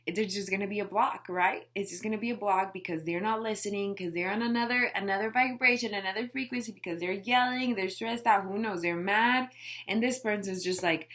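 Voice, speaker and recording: Talking to camera a little fast, a life coach delivers an emphatic, casual pep talk studded with rhetorical questions and repeated "right?". She has a medium-pitched, somewhat bright voice.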